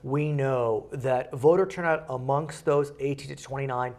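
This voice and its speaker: A man's voice: mid-range voice, moderate pace, darkish tone. A man hosting a local TV interview, asking questions in an easy, conversational way and signing off the show. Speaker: TV host.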